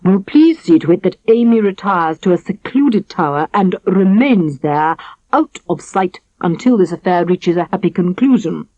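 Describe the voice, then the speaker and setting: A woman voicing a blustering, quick-tempered king in a storybook reading, with slow, booming, indignant delivery. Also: expressive, mellow, no room sound. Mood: pleased. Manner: booming, drawn-out indignant speech. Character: blustering cross middle-aged king. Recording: dry, slightly dull studio recording.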